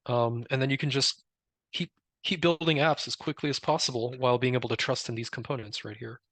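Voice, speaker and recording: A man presenting a live software demo, explaining step by step in a relaxed way with many fillers. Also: medium pitch, a little fast, no room sound. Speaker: presenter demoing a tool.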